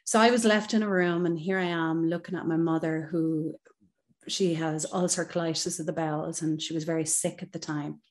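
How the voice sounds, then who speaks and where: Earnest woman, low voice. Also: steady tone, normal speed. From Ireland. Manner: earnest, reflective, many "you know" fillers. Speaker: guest, psychotherapist. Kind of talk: podcast interview, personal story.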